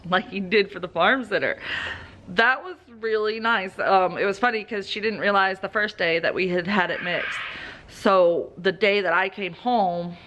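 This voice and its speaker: A woman in her thirties with a Southern American accent, chatting casually while doing farm chores outdoors, cooing softly to her animals now and then. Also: medium pitch, slight background noise. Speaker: homestead vlogger.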